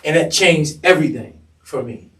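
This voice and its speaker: Man, fashion designer, interview guest, animated storyteller, slightly high voice, a bit off-mic. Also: normal speed, recorded from a distance.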